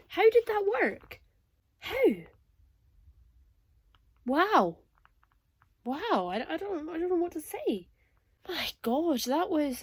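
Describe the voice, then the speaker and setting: A woman's voice: very high voice, a little mellow. A young woman vlogging emotional reactions aloud as she reads a novel. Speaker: booktuber reading a novel. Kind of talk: casual reading vlog reactions.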